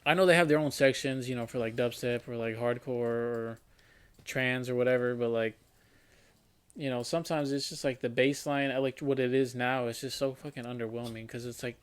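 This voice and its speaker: A young man in his twenties chats loosely on a podcast, swearing freely and peppering his talk with "like" and "bro". His voice sits at an everyday middle pitch. He rambles and restarts mid-thought, like a friend telling a story. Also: fairly even intonation, fairly quick, smooth. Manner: loose and profane, heavy on "like" and "bro". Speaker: podcast co-host. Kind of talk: casual chat among friends.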